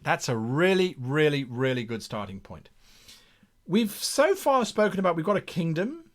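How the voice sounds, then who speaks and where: Lively man brainstorming aloud. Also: fairly high pitch. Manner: thinks out loud, restarts and repeats phrases. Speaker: game master and streamer. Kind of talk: live campaign brainstorming, reading chat aloud.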